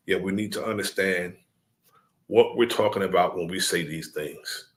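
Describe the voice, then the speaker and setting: A man addressing his followers in a deliberate, preaching cadence, repeating his key points. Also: sits low, a bit bright.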